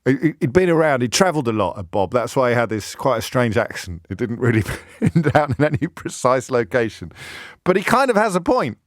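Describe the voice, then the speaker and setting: Wry radio host, dry studio sound. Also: male voice, mid-range voice, expressive, brisk, hardly any pauses, no room sound. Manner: wry, self-mocking storytelling. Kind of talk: radio phone-in talk. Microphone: studio microphone.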